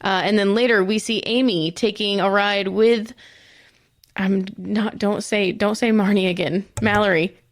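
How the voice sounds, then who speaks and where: A woman's voice: medium pitch, fairly even intonation, a little slow, dry recording. A woman co-hosting a podcast, recapping a TV episode in a chatty, profane and self-mocking way. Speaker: podcast co-host.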